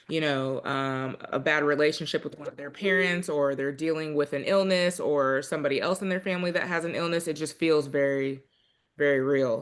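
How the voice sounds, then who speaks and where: A man leading a casual book club discussion, talking in a relaxed way with many fillers and pauses. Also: on the high side.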